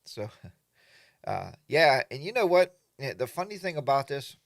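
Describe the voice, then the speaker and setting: A man's voice: mid-range voice, sing-song, unhurried, creaky, no echo. A man hosting a casual morning livestream from his home studio, greeting viewers by name and rambling along with plenty of fillers. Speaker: livestream host.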